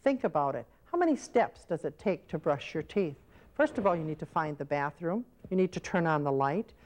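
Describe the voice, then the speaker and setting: A woman with a somewhat low voice delivers an instructional lesson for caregivers. She explains patiently, step by step, and now and then acts out little example scenes. The sound comes from an old VHS training tape. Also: animated, fairly quick, a little mellow. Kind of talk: instructional video lecture.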